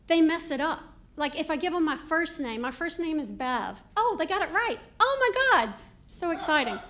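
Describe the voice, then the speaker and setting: A high-pitched woman works a comedy club crowd in a stand-up set. She is middle-aged and talks in a chatty, animated way, with plenty of "like" asides. She is heard through a handheld stage mic. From Georgia, US.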